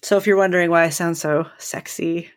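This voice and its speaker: A woman's voice: on the low side, fairly even intonation, fairly quick. A woman co-hosting a podcast who is sick and congested, teasing and laughing often in casual chat. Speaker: podcast co-host.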